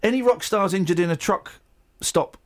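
A man's voice: high voice, normal speed, a loud crowd. A man in his forties hosting a radio show, rambling and joking with restarts in casual banter. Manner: rambling, jokey, stumbles and restarts. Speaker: radio host.

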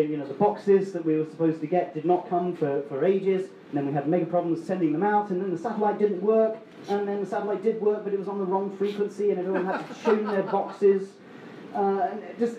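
Male storyteller, mellow and slightly high, rambling; echoey muffled live sound. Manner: rambling, self-mocking, many restarts. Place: story slam stage.

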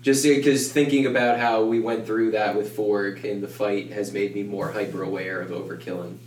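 A man's voice: fairly low pitch, steady tone, normal speed, recorded from a distance. A man playing a tabletop game, chatting casually and joking with swearing. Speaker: player. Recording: echoey, off-mic, clearly noisy.

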